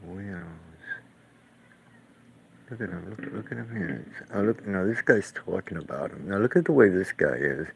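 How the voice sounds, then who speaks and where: Gravelly low-voiced man ranting profanely. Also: animated, normal speed, slight background noise, rough recording. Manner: profane, scornful, rambling. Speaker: painter. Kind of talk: casual ranting commentary while watching clips.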